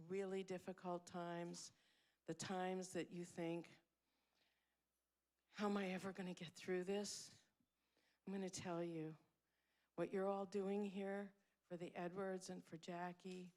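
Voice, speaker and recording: This eulogy comes from a woman whose lowish voice has a slightly mellow quality. Her tribute at the memorial is candid, heartfelt and emotional, and she doesn't hold back, cursing bluntly throughout.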